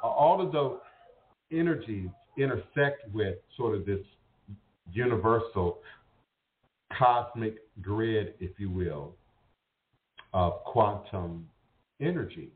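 A man talks in a low voice, rambling and circling back over his words as he hunts for the next one. The sound is thin and phone-like, with a roomy echo around it. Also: lively intonation, takes it slowly, long pauses. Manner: rambling, repeats words while searching. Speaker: host. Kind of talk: casual spiritual talk. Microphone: internet radio call. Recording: tinny phone-like audio in an echoey room.

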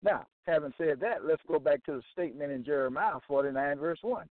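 A man's voice: on the high side, a little fast, no echo. A man hosting a religious broadcast, preaching on Bible passages in an emphatic, repetitive way and checking in with "okay?". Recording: tinny phone-line sound, dry.

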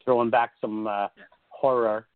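A man calling in to a podcast, chatting casually as an animated storyteller who acts out his quotes. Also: mid-range voice, moderate pace, dry recording. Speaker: guest caller. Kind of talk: casual chat. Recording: tinny phone line with voices behind.

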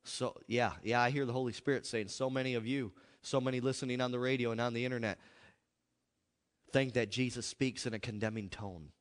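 A man's voice: mid-range voice, steady tone, a little fast. Impassioned male preacher in an echoey hall. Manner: impassioned, swinging between loud outbursts and hushed asides. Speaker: pastor. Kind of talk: sermon. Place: church.

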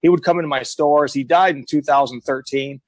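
A man's voice: a little high, a little fast, no echo, rough recording. Earnest middle-aged man telling his story. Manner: earnest, emphatic, acts out quoted voices. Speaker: guest. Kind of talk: emotional personal storytelling.

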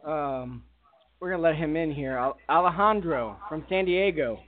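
A man co-hosting a casual beer chat, relaxed and chatty. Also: a little high, moderate pace, noisy background. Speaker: co-host. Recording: lo-fi phone-like sound.

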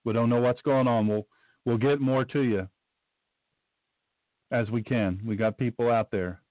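A man's voice: mid-range voice, steady tone, measured pace, dry recording. A man hosting a talk radio monologue, emphatic and rambling, repeating himself as he goes. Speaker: podcast host. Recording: tinny phone-like dry sound.

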